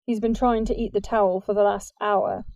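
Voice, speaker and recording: Woman reader doing a polite, gentle teen boy, mellow tone, earnest. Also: medium pitch, steady tone, a little fast, creaky, no echo, lightly acted. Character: gentle teenage boy who loves hurt animals.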